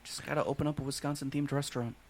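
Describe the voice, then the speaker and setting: Fast-talking man with blunt, sarcastic jokes. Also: mid-range voice, little pitch movement, crowd noise. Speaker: podcast co-host. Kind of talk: casual bar-talk podcast chat.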